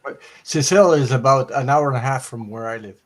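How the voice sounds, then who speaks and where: A man from Quebec co-hosting a live tarot stream. He speaks hesitantly, pausing and restarting often, at an ordinary pitch for a man. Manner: hesitant, many fillers and restarts. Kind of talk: live-stream casual chat.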